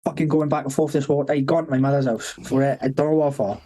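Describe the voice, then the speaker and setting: A man's voice: mid-range voice, flat delivery, fast talker, mellow. A man, telling childhood stories on a podcast, swearing a lot and laughing between lines. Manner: swears constantly, laughs through stories, acts out voices. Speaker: podcast co-host. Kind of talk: casual storytelling chat.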